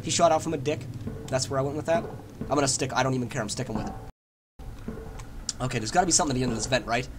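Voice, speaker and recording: A man giving joking let's play commentary on a horror game, rambling along and breaking into loud yelps when scared. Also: medium pitch, rapid-fire, long pauses. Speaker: gamer playing a horror game. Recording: noisy home recording.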